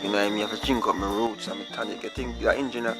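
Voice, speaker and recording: Gravelly Jamaican man ranting loudly. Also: lowish voice, fairly even intonation, rapid-fire, over music, low-quality recording. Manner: loud, indignant ranting. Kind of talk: comedy sketch acting.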